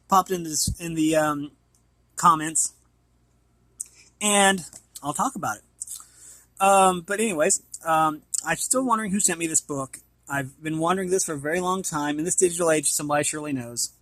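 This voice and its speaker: A man's voice: on the high side, fairly bright tone, no echo, poor audio. An American man vlogging in a rambling, casual way with many fillers. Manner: rambling, lots of fillers and restarts.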